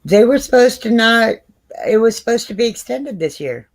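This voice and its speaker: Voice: mid-range voice, expressive, normal speed. A co-host on a talk show, chatting casually and mostly giving brief, agreeing replies.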